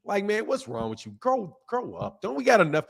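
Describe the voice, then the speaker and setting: A man in his fifties hosting a boxing stream and talking straight back to his chat. He sounds fed up and animated, and his voice sits fairly high and swings a lot. The talk is loose and unscripted. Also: fairly quick, gravelly, breathy edge. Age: 50s. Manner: animated, exasperated ranting at chat. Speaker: boxing channel host. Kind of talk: live stream chat reading comments.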